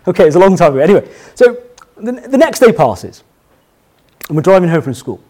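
Sermon: middle-aged pastor, lively pitch, emphatic, repeats lines. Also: male voice, fairly quick. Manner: anecdotal, emphatic, repeats key phrases.

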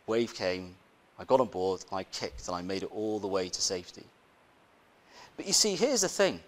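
A man's voice: low-pitched, expressive, normal speed. A male preacher giving a conversational sermon, telling a personal story, often asking the congregation rhetorical questions and repeating his phrases.

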